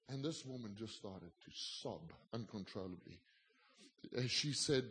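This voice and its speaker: A South African man, a pastor, preaching a sermon and telling a story with lively, self-deprecating humor, acting out the dialogue. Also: lowish voice, measured pace, long reverb tail.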